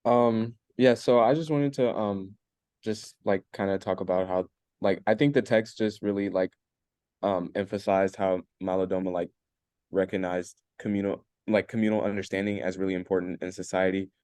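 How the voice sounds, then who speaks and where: A man's voice: sits low, fairly even intonation, normal speed, darkish tone, no room sound, clean studio sound. A young man student talking in class over a video call, hesitant and full of fillers. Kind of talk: class discussion comment.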